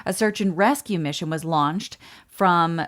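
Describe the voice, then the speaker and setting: Woman podcast host telling a history story, bit low pitched, chatty and lively. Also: a little slow. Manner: lively narration with asides and laughs.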